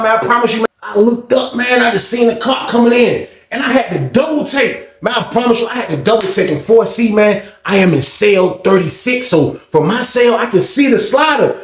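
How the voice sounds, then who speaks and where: A man telling a story in a casual way, acting out what others said with lively shifts. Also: very high voice, fairly quick, hardly any pauses, reverberant. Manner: animated retelling, acting out others' lines.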